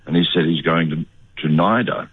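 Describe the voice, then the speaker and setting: An older Australian actor, a man, telling stories in a relaxed, laconic way during a radio interview. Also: low-pitched, a little fast, breathy edge, no room sound, narrow, tinny audio. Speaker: actor guest.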